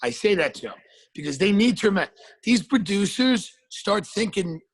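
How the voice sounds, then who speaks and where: A male podcast guest speaking in a sardonic, deadpan way over a video call. His voice is somewhat high with a husky edge, and he swears freely. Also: moderate pace, low-quality recording. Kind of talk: casual chat.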